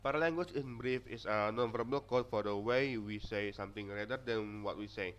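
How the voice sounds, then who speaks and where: A man's voice: fairly low pitch, brisk, fairly bright tone, smooth. A young man with an Indonesian accent, whose first language is Indonesian, giving a student class presentation and reading from notes with frequent restarts and stumbles. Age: young adult. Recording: dull lo-fi audio.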